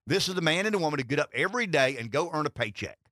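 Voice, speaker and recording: A man holds the mic on a talk radio show. His voice is higher than most men's, bright and very lively. He repeats himself as he talks, close and dry on a studio headset. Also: racing, no room sound. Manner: animated, repeats words and restarts often.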